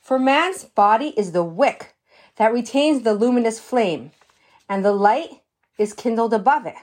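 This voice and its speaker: Animated woman teaching with parables. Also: fairly high pitch. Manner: animated storytelling, slows for emphasis. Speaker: religious teacher. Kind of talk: Torah lesson with a parable.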